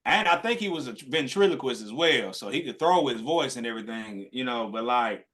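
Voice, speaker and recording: A man's voice: medium pitch, expressive, brisk, fairly bright tone. A man co-hosting a podcast live stream, talking casually and rambling with many restarts. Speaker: podcast co-host.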